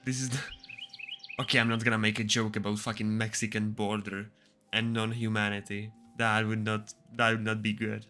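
A young man streams a game and chats casually, cracking crude jokes and laughing often. His voice is lowish, flat and sharp in tone, at a moderate pace.

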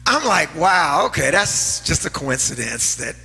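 A middle-aged man, a pastor preaching a sermon and telling stories, swinging from loud outbursts to hushed asides. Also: a little high, very animated, moderate pace, gravelly, breathy edge. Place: church sanctuary. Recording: long hall reverb, faint music.

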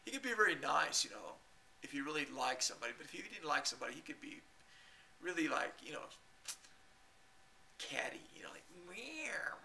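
A man telling a long rambling story to his camera, halting and repeating himself and chuckling often. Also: medium pitch, bright, forceful tone, a little hiss or hum. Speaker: video blogger.

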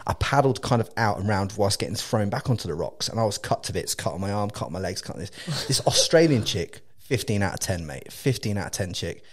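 A man from England with an English accent, hosting a casual chat and telling an animated, laugh-filled story with lots of swearing and restarts. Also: on the low side, quick pace, few pauses. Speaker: podcast host.

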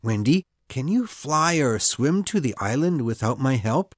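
A woman voicing a brave young boy who is hurt and desperate, speaking low and urgently in a storybook reading. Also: animated, measured pace, dry recording, studio quality, full character voice. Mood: grave.

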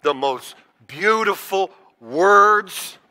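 A man's voice: high-pitched, expressive, extremely slow, bright, forceful tone. A man preaching a sermon to his congregation, earnest and often putting questions straight to them. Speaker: pastor. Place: church sanctuary. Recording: long church reverb.

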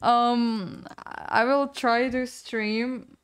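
A young woman streams a game and chats easily with her audience, reading their messages and answering each one. Her voice sits a little high and sounds smooth and clean. She talks at an unhurried, drawn-out pace. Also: steady tone. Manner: chatty, apologizes often, reads and answers chat. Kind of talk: casual live-stream chat while gaming.

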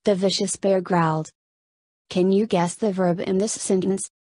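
A woman teacher narrating a scripted lesson, reading slowly and carefully and addressing her students. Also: mid-range voice, fairly even intonation, warm tone, dry recording.

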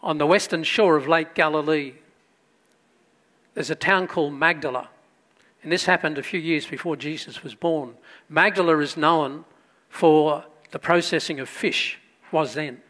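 A man preaching a sermon as pastor, storytelling with loud emphatic bursts and quiet asides. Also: fairly high pitch, a little slow.

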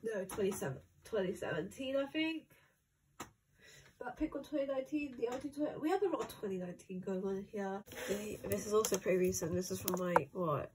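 A young woman hosting her own channel, chatting casually as she unboxes albums, thinking aloud and gasping with excitement over each item. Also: mid-range voice, fairly quick, noisy background. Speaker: channel host.

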